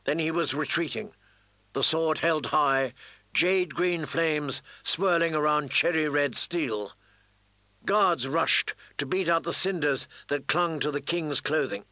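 Slow, bright-voiced male narrator. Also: fairly high pitch, dry recording, rough recording. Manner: measured, deliberate. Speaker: audiobook narrator. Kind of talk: scripted narration.

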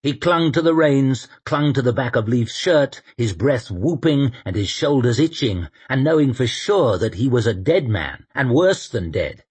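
Man, audiobook narrator, husky voice, mid pitch, steady dramatic reading. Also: a little slow, few pauses. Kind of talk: scripted narration.

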